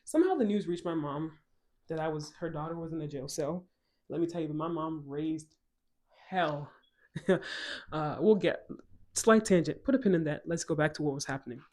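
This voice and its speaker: A woman from Ghana telling a personal story in a casual vlog, animated and emphatic, often going off on tangents. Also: sits low, normal speed, pauses often. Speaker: vlogger.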